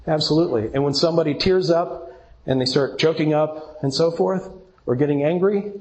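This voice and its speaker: A man's voice: on the high side, darkish tone, rough recording. A middle-aged man giving an earnest recovery talk to a meeting audience and asking them questions. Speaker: twelve-step speaker.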